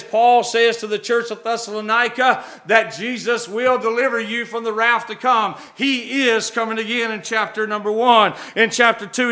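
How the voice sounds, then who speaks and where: A middle-aged man, preaching a sermon in a church, fervent and swelling to shouts, with folksy asides. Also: high voice. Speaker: visiting preacher. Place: church sanctuary.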